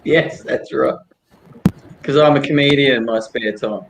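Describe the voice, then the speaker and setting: A man's voice: mid-range voice, a little slow, noisy background. A man chatting casually as a comic creator, effusive and jokey, laughing often. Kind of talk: casual video chat.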